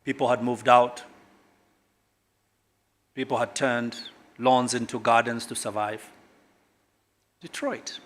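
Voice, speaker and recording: A man's voice: mid-range voice, little pitch movement, a little slow, pauses often. Emphatic middle-aged man giving a speech. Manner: emphatic orator, sharp swings between loud and quiet. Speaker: government guest speaker. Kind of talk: public speech at a corporate launch.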